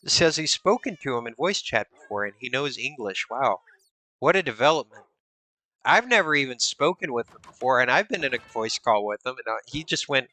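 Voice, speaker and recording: This man's mid-range, very bright voice sounds dry and close on the mic as he builds in a game on stream. Between muttered block counts he reads chat aloud and teases viewers with mock suspicion.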